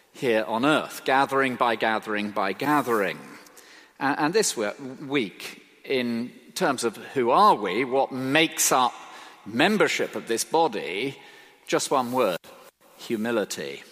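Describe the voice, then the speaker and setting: A man preaching a sermon, emphatic and expressive, asking rhetorical questions. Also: mid-range voice. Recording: reverberant hall.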